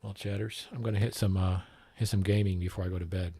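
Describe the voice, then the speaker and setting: A man's voice: low-pitched, fairly even intonation, fast, mellow, breathy edge. A man livestreaming, chatting casually and reacting to a film clip, rambling, swearing and repeating lines back. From not Britain. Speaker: livestream host.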